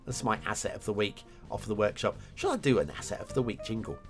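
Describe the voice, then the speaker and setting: A man's voice: fairly low pitch, fast, vocal fry, over music. A man hosting a game map review show, chatting enthusiastically with filler words and self-corrections. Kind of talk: casual game commentary.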